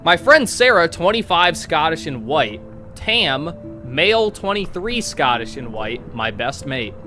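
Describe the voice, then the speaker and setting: A man's voice: a little high, big pitch swings, measured pace, pushed and bright, faint music behind. A man live-streaming, casually reading online posts aloud to his chat and breaking off with sarcastic asides.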